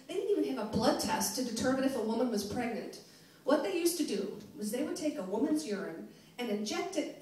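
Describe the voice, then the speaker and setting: A woman's voice: sits high, darkish tone. A middle-aged woman doing a brash stand-up set in a comedy club, laughing at her own jokes. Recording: roomy club sound from a distance.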